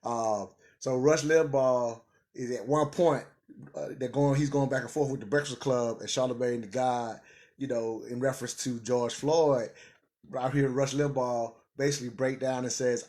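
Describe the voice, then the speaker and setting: A man hosting a casual commentary show, talking in an animated way, laughing and repeating words when he gets excited. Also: mid-range voice, moderate pace. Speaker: commentary channel host.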